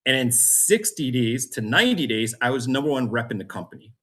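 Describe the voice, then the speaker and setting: A man's voice: medium pitch, big pitch swings, fairly quick, sharp tone. A man as a podcast guest, telling his story with energy, acting out other people's voices and laughing often. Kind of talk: storytelling interview.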